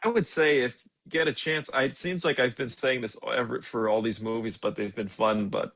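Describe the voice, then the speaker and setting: A young man co-hosting a movie podcast, chatting in a relaxed, agreeable way with casual swearing. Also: medium pitch, fairly quick, creaky. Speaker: podcast co-host. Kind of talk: casual chat.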